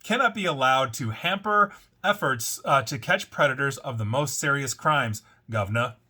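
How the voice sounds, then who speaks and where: A man's voice: mid-range voice, expressive, normal speed, pushed and bright, husky, full character voice. Man putting on a stuffy British official. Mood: mock-pompous. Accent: British (put on). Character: mock stuffy male British government spokesman.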